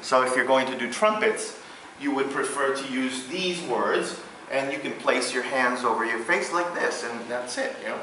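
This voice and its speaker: A man with a Venezuelan Spanish accent, a native Spanish speaker, leading a vocal workshop, explaining in halting English full of fillers and breaking into sung syllables. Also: mid-range voice. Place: large hall. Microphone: far room microphone. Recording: distant, very echoey hall with background noise.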